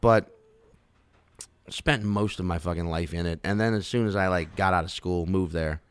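Man from New Orleans area, thirties, low smooth voice, loose profane storyteller, dry close mic. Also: moderate pace, no echo. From New Orleans area, Louisiana. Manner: rambling, profane, laid-back. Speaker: comedian. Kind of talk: casual podcast chat.

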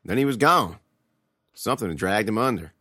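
A man's voice: on the low side, animated, fairly quick, sharp tone, dry recording, studio quality. A man giving a dramatic first-person reading of a scripted horror tale. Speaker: storyteller.

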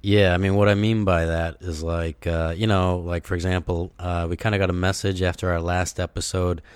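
A man's voice: low voice, level tone, normal speed, clear, resonant tone, no room sound. A man co-hosting a podcast, telling stories in a rambling, casual way with lots of fillers and laughs. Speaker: podcast co-host.

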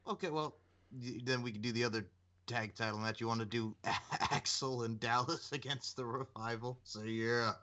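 A man's voice: medium pitch, steady tone, normal speed, bright, forceful tone. A man co-hosting a casual chat, easygoing, with hesitant restarts. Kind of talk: casual chat, wrestling predictions.

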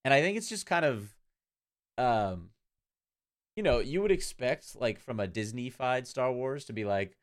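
A man co-hosting a casual fan podcast, talking in a rambling, animated way and laughing often. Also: mid-range voice, unhurried. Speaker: podcast co-host.

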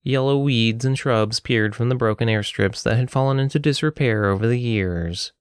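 A man narrating an audiobook story in a steady, even storytelling delivery. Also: mid-range voice, moderate pace, smooth, no room sound, studio quality. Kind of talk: scripted narration.

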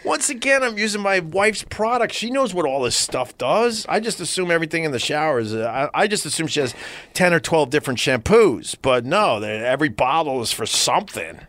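A man's voice: on the high side, very animated, a little fast, a bit bright. A man co-hosting a podcast in casual chat, teasing and swearing. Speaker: podcast co-host.

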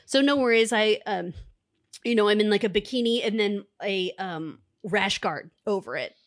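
A woman in her thirties co-hosting a podcast, telling a lively story in casual chat and acting out what people said. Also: medium pitch, normal speed, no room sound, clean studio sound. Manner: animated storyteller, acts out quotes. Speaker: podcast co-host.

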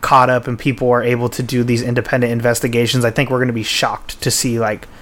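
A man talking loosely on a podcast, in a mid-pitched, everyday voice. He rambles and swears casually, backing up to restart sentences and filling gaps with "like" and "uh". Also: level tone, quick pace, a bit bright. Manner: rambling, profane, with frequent restarts and fillers. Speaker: podcast host.

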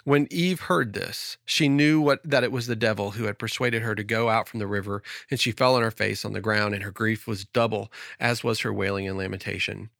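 A man's voice: on the low side, fairly quick, gravelly, few pauses, fairly bright tone, dry recording, clean studio sound. A man co-hosting a Bible study podcast, reading passages aloud with joking asides. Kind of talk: reading scripture and casual discussion.

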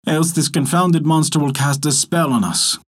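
A man voicing a grumbling, easily angered father in a storybook tale, giving gruff orders. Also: on the high side, normal speed. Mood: commanding. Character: weary, grumbling old father of three girls. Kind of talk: storybook character voice.

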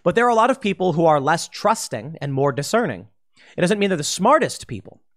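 A man's voice: fairly high pitch, big pitch swings, fairly quick, fairly bright tone. A man delivering an unscripted political monologue to camera, restless, often repeating and restarting his phrases. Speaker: political commentator.

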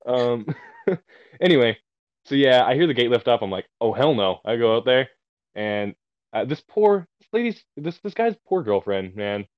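A man's voice: mid-range voice, big pitch swings, moderate pace, dry recording, dull audio. A man casually telling a long story on a podcast, swearing and amused at himself, heard over a remote call. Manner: laid-back, swearing, self-amused storyteller.

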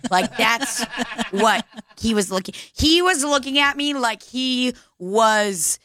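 A young woman telling a story in casual chat, animated and laughing, swearing freely. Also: fairly high pitch, slow, no room sound.

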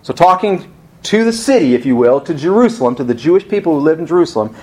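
A man's voice: a little high, very animated, fast talker, dark tone. Conversational male pastor preaching. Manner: conversational, rhetorical questions, emphatic rises. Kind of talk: sermon.

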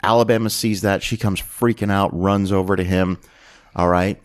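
A man's voice: deep voice, normal speed. A man hosting a podcast, animatedly retelling a film's plot in casual chat and acting out its lines. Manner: animated storytelling, acts out quotes. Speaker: podcast host. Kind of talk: casual movie recap.

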